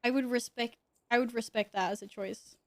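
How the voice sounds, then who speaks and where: A woman's voice: fairly high pitch, fairly even intonation, brisk, no room sound, studio quality. A woman live streaming, chatting casually and playfully while gaming, teasing viewers and laughing often. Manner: chatty, greets viewers and jokes with them.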